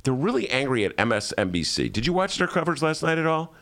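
A man's voice: a little high, fast. A man hosting a podcast, telling comedic stories in casual chat and acting out the people in them. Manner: animated storyteller who acts out other people. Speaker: podcast host.

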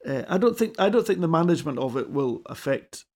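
A man in a casual rally chat, speaking haltingly with many restarts, then settling into considered opinions. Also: on the high side, very animated, a little mellow.

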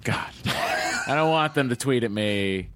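A man's voice: mid-range voice, animated, slow pace, a bit bright, no room sound. A man, wisecracking as a podcast co-host. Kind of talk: casual chat.

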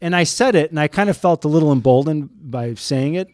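Guest storyteller: Chicago man with an animated, lively, up-and-down mid voice, dry close sound. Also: a little high, fairly quick, dry recording. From Chicago, USA. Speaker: news photojournalist, guest. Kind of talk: storytelling in casual chat.

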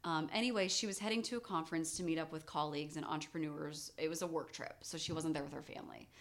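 A woman in her thirties co-hosting a casual chat podcast, telling a story in a chatty, animated way with lots of fillers. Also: low-pitched, fast. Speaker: podcast co-host.

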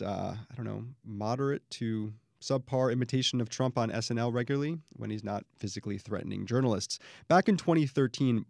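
A man hosting a podcast interview, chatting quickly and often restarting his sentences. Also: fairly low pitch, creaky, a little mellow, no room sound, studio quality. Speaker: podcast host. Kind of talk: casual interview chat.

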